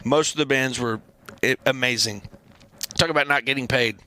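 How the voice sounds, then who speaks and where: A man guesting on a podcast, telling animated, profane band stories in casual chat. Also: medium pitch, normal speed, clear, resonant tone. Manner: animated, profane, acts out quotes in loud voices. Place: podcast studio.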